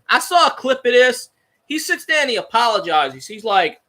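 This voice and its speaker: A man's voice: very high voice, sing-song, moderate pace, fairly bright tone. A man hosting a casual fan talk show, ranting and swearing heatedly.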